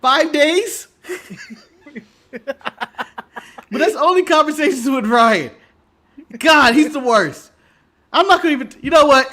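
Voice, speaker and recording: American male co-host, sharp and animated, foul-mouthed giggling joker. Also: very high-pitched, slow, pauses often. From United States. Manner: profane, laughing joker. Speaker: podcast co-host. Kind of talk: casual chat.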